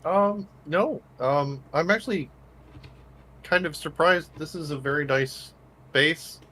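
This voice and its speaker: A man playing a tabletop game, speaking in character hesitantly and politely, with many pauses. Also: on the high side, sharp tone. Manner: hesitant, polite, full of ums. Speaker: player.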